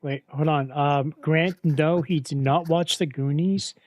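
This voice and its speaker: A man's voice: a little high, steady tone, measured pace, a little mellow, no echo, muffled recording. A man co-hosting a livestream, chatting casually and teasing the others. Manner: teasing, insistent. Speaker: co-host.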